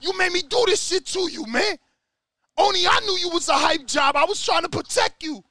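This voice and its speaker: A man voicing an angry, streetwise veteran male boxer who curses and shouts in street slang. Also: very high voice, moderate pace, voice pushed up.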